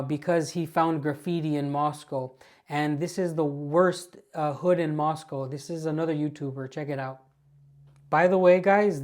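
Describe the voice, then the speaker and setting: With a low, slightly mellow voice, a US channel host talks directly to her viewers. She offers amused and mocking commentary on clips.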